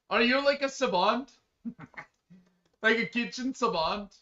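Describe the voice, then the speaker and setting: Male streamer, high and bright, rambling and excitable chat, lo-fi dull stream mic. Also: measured pace, long pauses. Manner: excitable, bursts into loud exclamations; chatty, rambling, many fillers. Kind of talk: casual live-stream chat.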